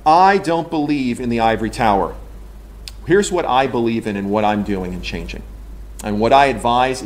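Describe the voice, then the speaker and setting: A man in charge of a large engineering team gives an animated, joking conference talk in a ranting manner. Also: medium pitch, a little hiss or hum. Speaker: engineering leader. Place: conference room.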